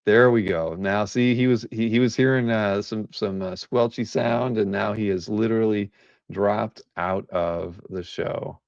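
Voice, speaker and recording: A man's voice: on the low side, fairly even intonation, measured pace, vocal fry, no echo, highs cut off. A man hosting a live art-sale stream, chatting casually and rambling with many restarts.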